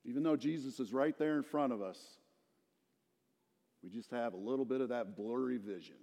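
A man's voice: mid-range voice, normal speed, mellow, big-room sound. A middle-aged male pastor preaching a sermon, telling the story with animation and asking the congregation questions.

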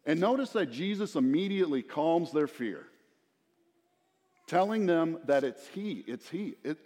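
Middle-aged male pastor, slightly high voice, chatty storytelling sermon, long reverb tail. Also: lively intonation, moderate pace, darkish tone. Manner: conversational, storytelling preacher with asides to the congregation.

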